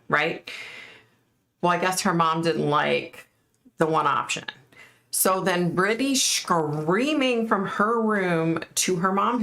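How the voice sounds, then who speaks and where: Woman host, low gravelly voice, chatty storyteller who mimics the people she quotes. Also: fairly bright tone. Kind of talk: casual storytelling.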